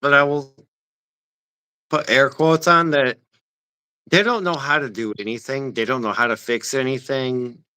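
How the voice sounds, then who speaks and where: Bright-voiced man ranting about work. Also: mid-range voice, unhurried, pauses often, smooth. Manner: ranting, profane, animated. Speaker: machine shop worker. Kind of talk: casual chat.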